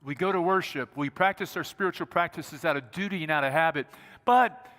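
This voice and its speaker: Male pastor, chatty humorous sermon, high voice, reverberant church. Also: brisk, a bit bright. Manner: conversational, humorous storytelling. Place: church sanctuary.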